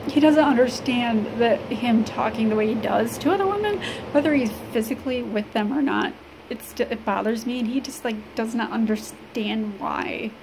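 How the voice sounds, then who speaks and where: A woman from Illinois talks to the camera in a personal vlog, halting and rambling with many fillers. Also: on the high side. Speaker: vlogger. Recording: steady background noise.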